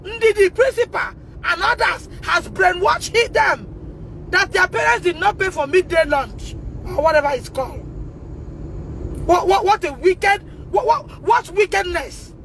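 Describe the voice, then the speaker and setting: A Nigerian woman with a Nigerian English accent, speaking out on a phone livestream, emotional and repetitive, rising to shouts and tearful at times. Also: very high-pitched, animated, a little slow, creaky, slight background noise, rough recording. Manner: emotional, repeats herself, rises to shouting. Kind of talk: impassioned livestream testimony.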